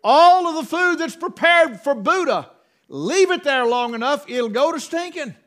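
Folksy high-voiced preacher man. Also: expressive, unhurried, a bit bright. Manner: folksy storytelling with rural dialect. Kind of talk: sermon.

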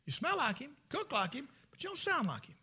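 A man's voice: extremely high pitch, wildly swooping pitch, brisk, sharp tone, pitched above the performer's own voice, exaggerated voice. Preacher voicing a doubtful old blind father. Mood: doubting.

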